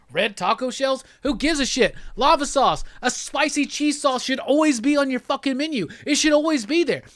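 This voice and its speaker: A man's voice: extremely high pitch, bright, forceful tone, dry recording, studio quality. A man hosting a live pop-culture stream, ranting with lots of profanity and exasperation. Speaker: host.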